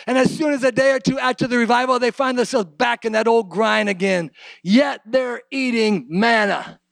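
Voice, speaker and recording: A man preaching a sermon, swinging between hushed low asides and shouted, sing-song preaching. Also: normal speed, gravelly, no room sound.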